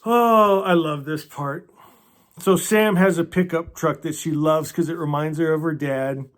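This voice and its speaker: A man hosting a casual book club, talking earnestly and emotionally, often stumbling over restarts and sinking into a soft hush. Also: fairly high pitch, fairly even intonation, a little slow. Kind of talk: casual book discussion with read-aloud passages.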